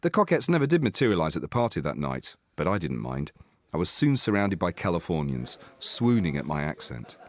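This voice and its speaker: Deep-voiced, dry English man narrating. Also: very animated, a little fast, no room sound. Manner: dry, self-deprecating. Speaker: host and narrator. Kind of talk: scripted comic narration.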